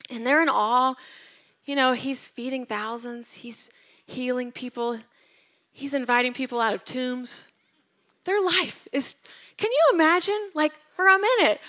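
Her voice sits high with a bit of brightness. As a Bible teacher giving a casual devotional talk, she retells Bible stories with animation, softening into a whisper when the moments turn tender.

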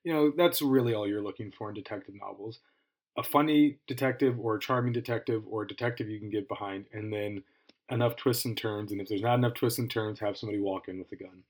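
A man's voice: fairly low pitch, steady tone, fairly quick. A man hosting a podcast, giving a casual book review and thinking aloud with restarts and asides.

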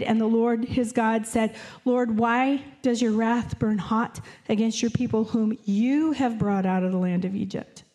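A woman preaching a sermon, reading scripture aloud in an earnest way and slowing down to dwell on key phrases. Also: a little high, dark tone.

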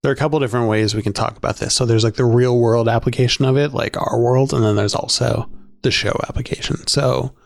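A man co-hosting a casual podcast, rambling chattily with frequent fillers. His voice has a gravelly fry at mid pitch. The recording is dry and close. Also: fairly even intonation, fast, dry recording. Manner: chatty, filler-heavy, laughs often. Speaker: podcast co-host. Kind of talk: casual discussion.

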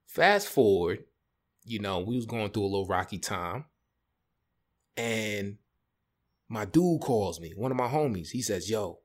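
Animated slangy man telling a story. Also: lowish voice, measured pace, long pauses. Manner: animated, slangy, jumps into voices. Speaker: podcast host. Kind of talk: casual storytelling podcast.

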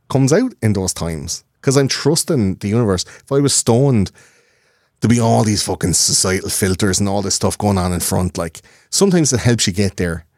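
Man, deep voice, podcast guest, rambling and swearing, close dry recording. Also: no echo. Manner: profane, rambling and animated. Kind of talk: casual conversation.

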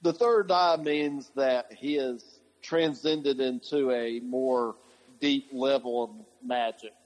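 A man's voice: medium pitch, fairly even intonation, takes it slowly, low-quality recording. A man co-hosting a podcast, chatting casually and rambling through his thoughts with plenty of fillers and restarts. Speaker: podcast co-host. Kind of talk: casual chat.

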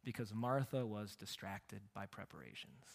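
A man preaching a sermon as a pastor, telling stories with humor and swinging between loud, emphatic lines and hushed ones. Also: on the low side, animated, moderate pace, creaky. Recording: long hall reverb.

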